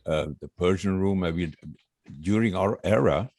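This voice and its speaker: Old man reminiscing in a low voice. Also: darkish tone, no echo, studio quality. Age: 80s. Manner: reminiscing, halting with many uhs, chuckles often. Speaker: guest singer. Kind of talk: casual interview chat.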